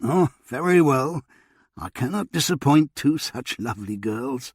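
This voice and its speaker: A man voicing a kind older retired surgeon who talks in a gentle, coaxing way. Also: mid-range voice, animated, unhurried, slightly rough, dry recording, clean studio sound, pitched above the performer's own voice. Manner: kindly, coaxing.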